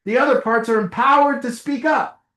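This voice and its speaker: A man's voice: extremely high pitch, moderate pace, a bit bright, reverberant. A middle-aged man speaking casually to a recovery group in a meeting room, acting out little dialogues as he goes. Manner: conversational, acts out little dialogues with a chuckle. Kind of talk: casual motivational talk to a group. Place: meeting room with a small audience.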